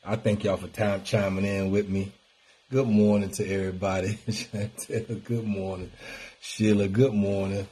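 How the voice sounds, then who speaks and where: A man hosting a casual motivational live stream in a preachy, animated, colloquial way. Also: lowish voice, a little slow, slightly rough. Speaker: wellness talk host.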